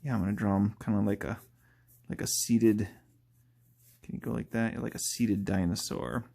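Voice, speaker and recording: A man's voice: on the low side, fairly even intonation, normal speed, gravelly, mellow. A man talking casually while he draws live, rambling and thinking aloud, laughing at his own jokes and often trailing off mid-thought. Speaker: artist drawing live. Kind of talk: casual live-drawing commentary.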